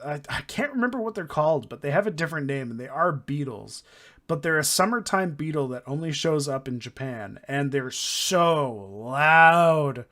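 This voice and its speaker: A man's voice: fairly high pitch, fairly bright tone. A man from Indiana chatting casually over a game playthrough, rambling and joking with frequent swearing. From Indiana, USA. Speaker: gaming streamer. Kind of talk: casual let's-play commentary.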